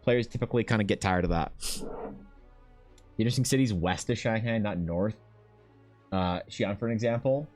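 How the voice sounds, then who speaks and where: A man's voice: fairly low pitch, moderate pace, pauses often, a little mellow, soft background music. A young Canadian man chatting casually on a live stream, joking and swearing as he reads out and answers chat questions. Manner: profane, joking, reading chat aloud. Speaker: streamer and artist.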